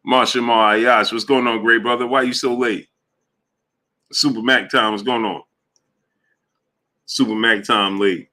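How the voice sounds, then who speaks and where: A man's voice: medium pitch, fairly even intonation, measured pace, pauses often, pushed and bright. A man hosting a live stream, laughing a lot and greeting viewers by name in casual talk. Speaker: livestream host reading chat.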